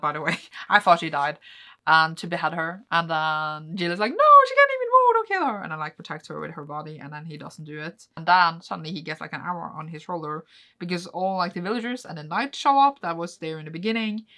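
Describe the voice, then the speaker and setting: On her manga reading vlog, a young woman with a lowish, sharp-toned voice chats at home about the chapters she's read. Her recap is casual and rambling, packed with fillers.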